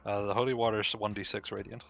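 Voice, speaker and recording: A man with a low but sharp, bright-toned voice plays his turn in a tabletop game. He is laid-back and terse, with faint music behind him. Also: little pitch movement, quick pace, vocal fry, muffled recording. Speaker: player.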